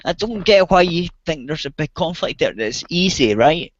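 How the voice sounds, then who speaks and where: A man's voice: a little high, animated, moderate pace, dry recording. Furious, swearing man ranting. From outside the US. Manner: angry, heavy swearing, ranting. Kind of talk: casual chat. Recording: dull, dry voice-chat audio.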